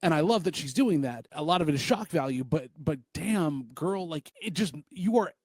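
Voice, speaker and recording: A man co-hosting a wrestling podcast, giving enthusiastic, excitable fan commentary. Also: fairly high pitch, moderate pace, slightly rough, no echo, studio quality. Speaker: podcast co-host. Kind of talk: casual chat, wrestling review.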